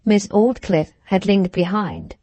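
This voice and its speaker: Mellow woman reading a classic novel. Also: medium pitch, no room sound, muffled recording. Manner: measured, even reading. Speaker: audiobook narrator. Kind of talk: scripted narration.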